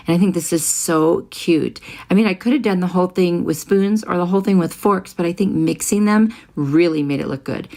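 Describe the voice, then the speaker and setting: A middle-aged woman narrates a craft tutorial as a voice-over, talking the listener through each step in a friendly, easy way. Her voice sits a little low for a woman. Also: darkish tone. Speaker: craft channel host.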